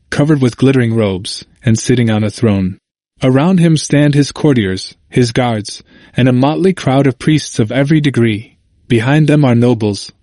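A man narrates a historical text in a steady, formal reading voice of middle pitch. The sound is dry and close, with no room around it. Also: dry recording. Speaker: audiobook narrator. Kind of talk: scripted narration.

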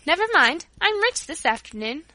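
An excited little girl from a storybook, bright and high, bursting with eager exclamations, as a woman reader puts her on. The sound is close and dry, with no room around it. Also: a little fast, dry recording.

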